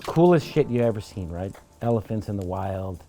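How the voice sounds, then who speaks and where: A man's voice: lowish voice, moderate pace, faint music behind. A man guesting on a podcast, telling a wild travel story over drinks with lots of swearing. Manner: animated, profane anecdote-telling. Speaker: podcast guest, trial lawyer.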